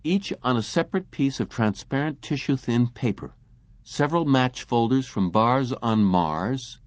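A man reading a science fiction story aloud as an audiobook narrator, in a measured way. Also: mid-range voice, no echo. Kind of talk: scripted narration.

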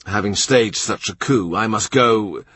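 A man's voice: on the low side, measured pace, a bit bright, slightly rough, no room sound. A man voicing a wry, witty middle-aged court official who teases in a dry manner. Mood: wry, teasing. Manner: dry, teasing storyteller.

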